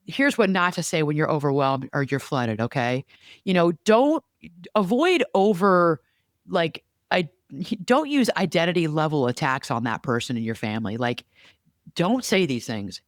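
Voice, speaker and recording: A woman talking through family conflict advice in a lively voice that swings up and down. She acts out quoted lines as she goes, and her voice sounds close and dry with no room echo. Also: low-pitched, unhurried. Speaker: podcast co-host. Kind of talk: casual advice conversation.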